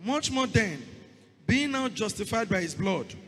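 A man reading scripture aloud in a steady, measured way during a sermon. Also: high voice, in a large hall. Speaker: scripture reader.

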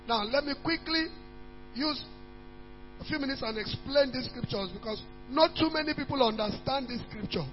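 Guy preaching w a really high voice, hammering words over and over, dull lo-fi church tape. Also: moderate pace. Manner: emphatic, repetitive preaching with scripture reading. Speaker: pastor. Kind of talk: sermon. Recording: dull lo-fi church recording in a reverberant hall with faint music and hum.

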